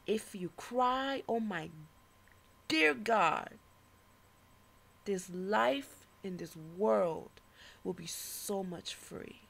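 A woman performing her own spoken-word poem with passion and a preaching tone, dropping to whispers and then rising to loud declarations. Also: mid-range voice, creaky. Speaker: poet. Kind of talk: spoken-word poetry recital.

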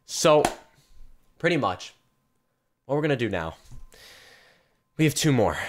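A young man streaming a video game and unboxing cases, excitable, swinging from hushed mumbling to loud yelps and repeating phrases in rapid strings. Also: medium pitch. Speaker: gaming streamer. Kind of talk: live-stream case unboxing commentary.

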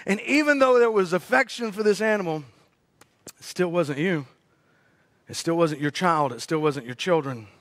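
Male pastor, high-pitched, dramatic preaching with hushed asides, dry close mic. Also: moderate pace, dry recording. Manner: dramatic preaching, swings between loud rising peaks and hushed low asides. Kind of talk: sermon.

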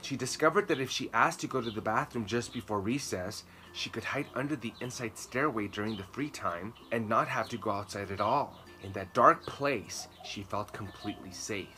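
A male educator reading a children's picture book aloud, expressive, with dramatic swings between soft, slow passages and louder, livelier ones. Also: fairly low pitch, a little hiss or hum. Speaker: storytime reader and educator.

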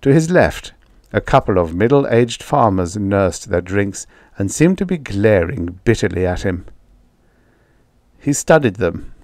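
A low-voiced male audiobook narrator reads a scripted story in a measured, even manner. The recording has studio quality with no room sound.

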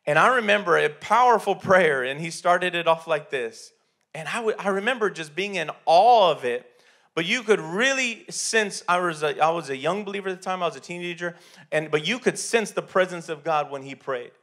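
Male pastor, sermon, informal, restarts a lot, high pitch. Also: animated, moderate pace, fairly bright tone. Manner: conversational, repeats words and restarts often. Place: church.

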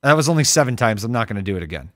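A man's voice: medium pitch, rapid-fire, dry recording. A man with an Ohio accent co-hosting a casual tech livestream, rambling and joking, his voice jumping up when he gets worked up. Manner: animated, rambling, jokey, voice jumps when excited. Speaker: co-host of tech stream.

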